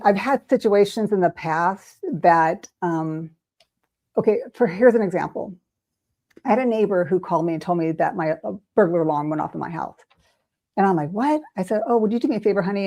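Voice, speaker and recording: An older woman recounts a personal experience as an interview guest, her voice low and mellow. She talks animatedly and slips into the voices of the people she quotes. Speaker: intuitive reader, interview guest. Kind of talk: storytelling in an interview.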